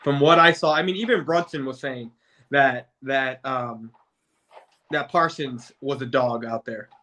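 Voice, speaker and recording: Bright-voiced man rambling about football. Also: mid-range voice, unhurried. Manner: rambling, stumbles and restarts often. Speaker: guest debater, football fan. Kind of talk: casual sports debate.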